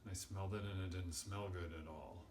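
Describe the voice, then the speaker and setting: A man telling a silly story to children, animated and exaggerated, building up to loud shouts. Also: sits low, brisk, slight background noise. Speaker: storyteller and channel host. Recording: roomy sound from a distant mic.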